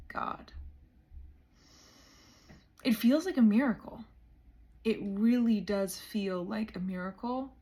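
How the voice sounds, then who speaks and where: Emotional woman, hushed and earnest. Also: mid-range voice. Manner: earnest and emotional, often dropping to a hush. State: emotional, close to tears. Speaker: vlogger. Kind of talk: meditation video diary.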